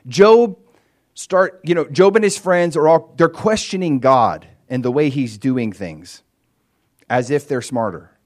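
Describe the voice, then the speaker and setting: A man preaching a sermon in an animated way, acting out quoted voices as he retells stories. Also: medium pitch. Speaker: pastor.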